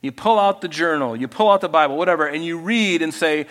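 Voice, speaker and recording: Male pastor, somewhat high voice, animated preacher who reads scripture and acts out quotes. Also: fast. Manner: animated preaching, acting out voices, Bible reading. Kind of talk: sermon.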